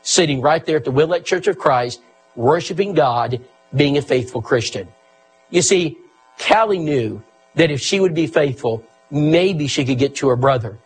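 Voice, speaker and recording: A man's voice: on the high side, lively intonation, moderate pace, slightly rough, faint music behind, rough recording. A man preaching a sermon, telling a story with earnest emphasis and quoting the people in it.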